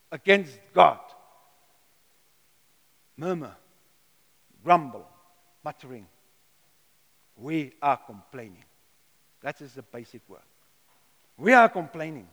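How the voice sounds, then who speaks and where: Emphatic preacher, high voice. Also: male voice, vocal fry. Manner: emphatic, repeats words, rhetorical questions. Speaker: pastor. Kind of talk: sermon. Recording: long hall reverb.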